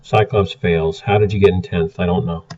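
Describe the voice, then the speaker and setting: A man's voice: deep voice, little pitch movement, fast talker, warm tone, slight background noise. A man giving blunt, exasperated casual commentary as he reviews card game decks. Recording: muffled, distant from the mic.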